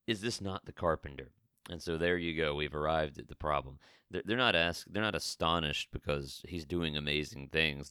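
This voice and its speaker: A man's voice: deep voice, a bit bright, clear, resonant tone, no echo, studio quality. A man preaching a conversational Bible teaching, often restarting and repeating words as he goes. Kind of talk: sermon-style Bible teaching.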